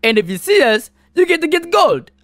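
A sneaky little leprechaun, voiced by a man, talks in a deliberately hammy fake brogue. The voice sits high and leaps around in pitch, and the recording is bone dry. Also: big pitch swings, a bit bright, no echo, exaggerated voice. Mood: coaxing. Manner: bad put-on brogue, calls people boyo and bucko.

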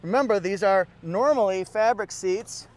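A man with a fairly high voice walks around a vehicle, pointing out features in an upbeat, playful way. He drops jokey asides as he goes, like a cheerful car reviewer. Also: moderate pace, a little hiss or hum.

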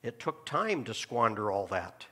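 A man preaching a sermon as pastor, asking the congregation questions and dropping to a hushed tone to make a point. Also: fairly low pitch, sing-song, unhurried. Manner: preaching with rhetorical questions and sudden drops to a hushed tone. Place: church sanctuary.

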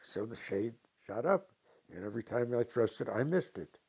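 An older man from New York telling stories from his past slowly and with dry humor in an interview. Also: mid-range voice, expressive, a little mellow, breathy edge. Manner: slow, deliberate anecdotes with dry humor. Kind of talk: storytelling interview.

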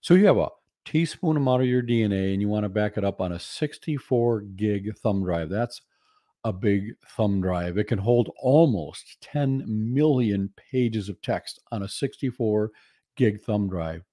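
A man's voice: on the low side, measured pace, dark tone, no room sound, studio quality. A man giving a lecture presentation as a guest speaker, laying out numbered points with humour. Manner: humorous, lists numbered points.

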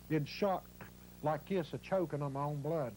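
A man's voice: on the high side, measured pace, darkish tone, slight background noise, low-quality recording. Appalachian man retelling a painful story. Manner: rambling, acts out what others said. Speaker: interviewee. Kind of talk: emotional first-person storytelling.

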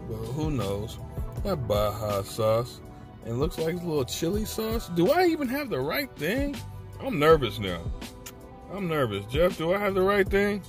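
A man hosting a casual food review vlog, chatty and slangy, from a parked car. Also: a little high. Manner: slangy, laid-back, chatty. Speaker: food reviewer, channel host.

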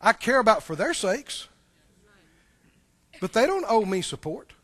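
A middle-aged man preaching a sermon as pastor, swinging between loud outbursts and soft asides, chuckling between points. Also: high-pitched, sing-song, a little slow.

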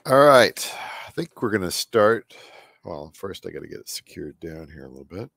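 A man's voice: low-pitched, sing-song, moderate pace, creaky, fairly bright tone, no echo, clean studio sound. A man with a scratchy voice chatting casually as he paints on a live stream, often muttering to himself and trailing off mid-sentence. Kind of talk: rambling live-stream chat while painting.

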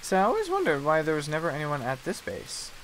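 A man's voice: a little high, wildly swooping pitch, fast talker, fairly bright tone, a little hiss or hum. A young man giving casual, self-mocking commentary as he plays a survival game. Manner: chatty, self-mocking, mock apologetic to game animals. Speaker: gaming video host.

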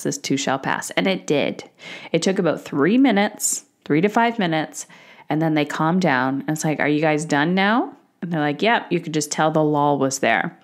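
A woman in her thirties hosting a solo podcast, talking candidly and casually swearing, acting out the voices she quotes. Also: sits low. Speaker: podcast host.

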